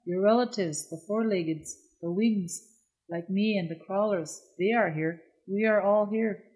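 A narrator putting on a wise, gentle male eagle. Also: mid-range voice, unhurried, close to an everyday voice, poor audio. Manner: calm, gentle and reassuring. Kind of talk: storybook narration.

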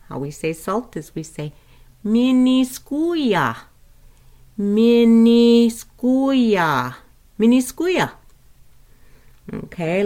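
Slow, patient woman teaching words. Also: on the low side, a little mellow. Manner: slow, patient, repeats each word for listeners to echo. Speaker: language teacher. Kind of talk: spoken language lesson.

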